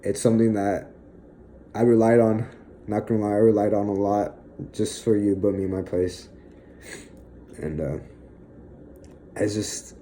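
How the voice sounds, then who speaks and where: Young man, low dark voice, halting. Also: slight background noise, rough recording. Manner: halting, with frequent fillers and sighs. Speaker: vlogger. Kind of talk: emotional personal monologue.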